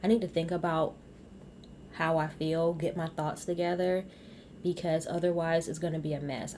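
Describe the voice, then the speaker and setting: A woman hosting a casual reality TV recap, blunt and animated, talking straight to her viewers. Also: sits low, slight background noise.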